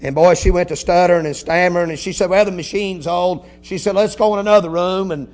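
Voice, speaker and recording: Preacher, high-pitched man, quiet storytelling that climbs to shouting, faint music underneath. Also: fairly even intonation, a little fast. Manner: folksy, punctuated with hallelujahs. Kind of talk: Pentecostal-style sermon.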